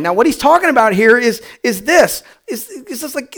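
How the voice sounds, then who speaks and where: A man preaching a sermon as pastor, animated, with repetition and acted-out voices. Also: extremely high pitch, normal speed, hardly any pauses.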